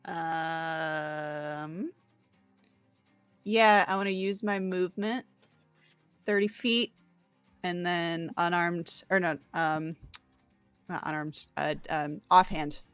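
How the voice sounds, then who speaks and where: A woman playing in a tabletop role-playing game, unhurried and hesitant. She fills pauses and swears casually, and her voice is captured dry, with little room sound. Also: fairly low pitch, steady tone, a bit bright, clear, resonant tone, no room sound, soft background music. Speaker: player.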